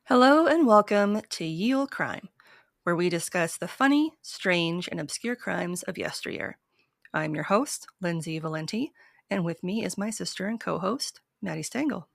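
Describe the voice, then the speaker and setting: Slightly hoarse woman podcast host. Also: lowish voice, lively intonation, normal speed, dry recording, clean studio sound. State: a bit hoarse. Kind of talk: casual chat.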